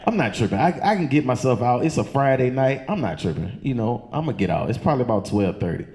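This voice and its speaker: Profane stand-up comic. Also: male voice, animated, fast, warm tone. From Chesterfield County, Virginia. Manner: loose, profane, acts out voices with high squeaky outbursts. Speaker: stand-up comedian. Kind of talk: stand-up storytelling. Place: comedy club stage.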